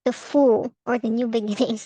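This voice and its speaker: A woman's voice: on the high side, fairly even intonation, normal speed, warm tone, no echo, poor audio. A woman vlogging about a tarot reading, profane and heated, laughing between rants. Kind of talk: casual ranting vlog.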